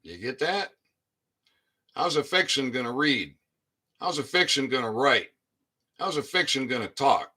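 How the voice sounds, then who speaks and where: A man explaining his court filing to followers in a casual vlog, reading documents aloud and slowing down to stress key phrases, with frequent "all right?" check-ins. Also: medium pitch, big pitch swings, bright, forceful tone, slightly rough.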